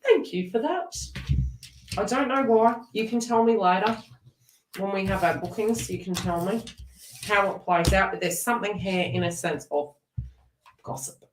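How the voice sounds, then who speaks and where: A woman giving a live tarot reading in an animated, chatty way. She laughs often and talks directly to viewers in the chat. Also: mid-range voice, moderate pace, distant mic, slight background noise. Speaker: tarot reader. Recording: echoey room, away from the mic.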